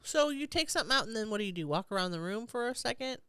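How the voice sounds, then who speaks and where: Podcast co-host, woman, animated pitch, playful teasing interjections. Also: rapid-fire, smooth, no echo, studio quality. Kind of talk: casual chat.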